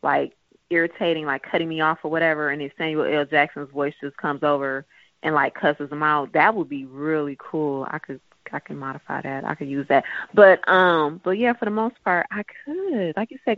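Animated woman on a tinny phone line. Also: low voice, no echo. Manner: animated, laughing, acts out voices. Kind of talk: casual chat.

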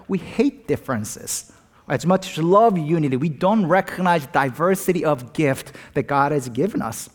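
A man pastor delivers a sermon in an earnest, animated manner, weaving in personal stories. His voice sits somewhat high for a man. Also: normal speed.

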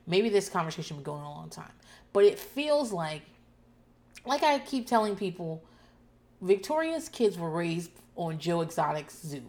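A woman host talking casually and loudly about a show, profane and animated, acting out people's lines in shouts. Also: lowish voice, normal speed. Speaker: podcast host recapping a TV show. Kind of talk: casual chat.

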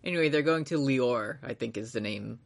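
A man's voice: medium pitch, fairly quick, gravelly. Rambling, swearing casual male podcaster. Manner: rambling, swears freely, laughs often, acts out characters' lines. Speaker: podcast co-host. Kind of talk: casual anime recap chat.

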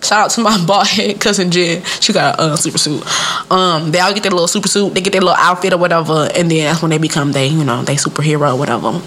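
A woman with a fairly low natural voice hosts a casual solo podcast. She tells stories in loose, slangy speech, laughs often, and leaps up in pitch when she quotes someone. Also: fast, a little hiss or hum. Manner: animated storytelling, laughs often, jumps up high for quoted voices. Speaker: podcast host.

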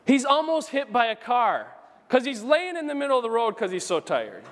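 High-voiced pastor preaching in a reverberant church. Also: male voice, moderate pace. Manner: storytelling, animated with emphatic rises. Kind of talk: sermon. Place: church sanctuary. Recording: church hall with long reverb.

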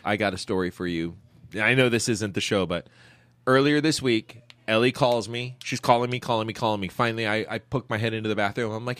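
A man's voice: medium pitch, brisk, dry recording. A man in his thirties co-hosting a podcast, chatting casually and laughing as he tells stories. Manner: laughing, animated storytelling. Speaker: podcast co-host. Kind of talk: casual chat.

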